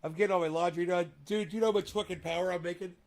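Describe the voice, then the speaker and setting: Profane high-voiced man ranting. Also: fairly even intonation, rapid-fire, heavy background noise. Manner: profane, ranting, swings between shouting and mumbling. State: coughing. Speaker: vlogger. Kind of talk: casual vlog talk.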